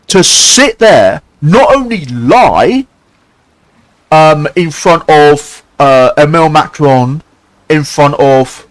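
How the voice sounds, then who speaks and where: This male streamer's angry live rant is heated and full of swearing, breaking off and restarting again and again. He speaks in a fairly high voice, and the audio is poor.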